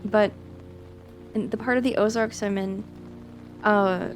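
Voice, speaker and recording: A woman livestreamer with a Midwestern American accent chats loosely with her viewers. She giggles often and pads her talk with "like" and "um," and soft music plays faintly behind her. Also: medium pitch, fairly even intonation, unhurried. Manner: giggly, lots of "like" and "um" fillers. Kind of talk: casual chat answering viewers.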